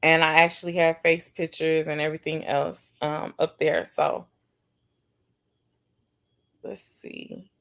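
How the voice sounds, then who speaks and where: A woman hosting a casual livestream, chatting warmly and answering viewers' comments one by one. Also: low voice, little pitch movement, normal speed, hardly any pauses. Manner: affectionate, calls viewers baby and sis. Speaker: livestream host.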